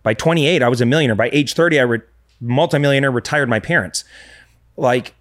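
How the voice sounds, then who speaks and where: A man's voice: medium pitch, brisk. A man in his thirties, a real estate investor talking earnestly as a podcast guest, often restarting sentences. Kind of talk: casual podcast conversation.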